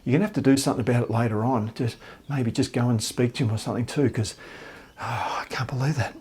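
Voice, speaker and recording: A man's voice: medium pitch, steady tone, very fast, mellow, husky. A man voicing an exasperated female corporate hostess who scolds in disbelief. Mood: incredulous. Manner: incredulous, scolding.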